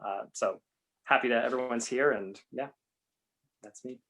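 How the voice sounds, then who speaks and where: A man's voice: mid-range voice, moderate pace, a bit bright. A man on a video call panel, telling an earnest personal story about fatherhood with lots of fillers. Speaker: panelist, father of young children.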